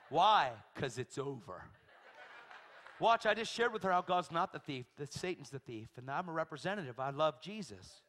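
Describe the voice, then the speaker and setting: Animated male preacher with a lively, swinging delivery, recorded in a big echoing hall. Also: a little high, normal speed. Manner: animated storytelling, acts out voices, shrieks in quotes. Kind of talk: sermon. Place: large church hall. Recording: long hall reverb.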